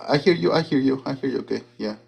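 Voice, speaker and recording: A man calling in to a debate, talking in a halting way with many stammers and restarts. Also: mid-range voice, creaky, darkish tone, slightly rough. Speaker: caller. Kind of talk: casual debate call.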